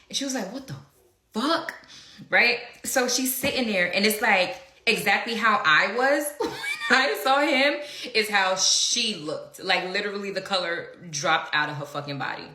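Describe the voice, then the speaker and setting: A woman's voice: medium pitch, animated, normal speed, bright, forceful tone, reverberant. A young woman telling a story in a casual way, blunt and profane, laughing often and acting out what others said.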